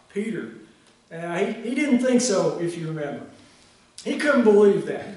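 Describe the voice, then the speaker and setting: Slow-spoken pastor in an echoey church. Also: male voice, high-pitched, darkish tone. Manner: slow, measured reading with pauses. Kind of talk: sermon with scripture reading. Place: church sanctuary. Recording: echoey sanctuary, mic set far off.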